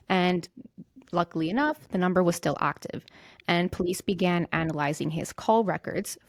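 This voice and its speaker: Woman, podcast host, true-crime narration, low gravelly voice, scripted reading with slips, dry close mic. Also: no room sound. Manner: reads from a script with small slips and restarts. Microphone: own mic on a remote call.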